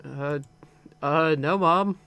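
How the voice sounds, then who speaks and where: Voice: medium pitch, extremely slow, gravelly, fairly bright tone, smooth, full character voice. A streamer reading a sheepish young son. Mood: protesting. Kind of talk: reading game dialogue aloud.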